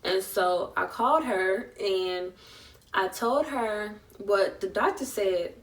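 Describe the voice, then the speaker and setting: Speaking slowly at a medium pitch, a young woman vlogs an emotional personal story, far from the mic. She keeps it chatty and emotional, acting out the voices of the people she quotes.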